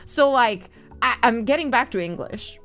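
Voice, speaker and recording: A woman's voice: a little high, lively intonation, moderate pace, fairly bright tone. A young woman streamer in a casual chat stream, reading chat and answering in a playful, teasing way, laughing often. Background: faint background music.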